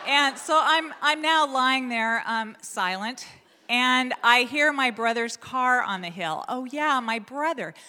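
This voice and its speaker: A woman from Portland, Oregon, telling a personal story live on stage in a lively, animated way, full of fillers and restarts. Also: high voice, takes it slowly, clear, resonant tone. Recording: long hall reverb.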